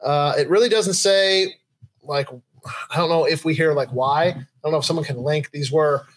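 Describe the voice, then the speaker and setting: A young man hosts a loose, casual live chat. His voice sits a little high, and he reads news items aloud in a relaxed way, trailing off into fillers and easy laughter. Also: normal speed, low-quality recording. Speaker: podcast host.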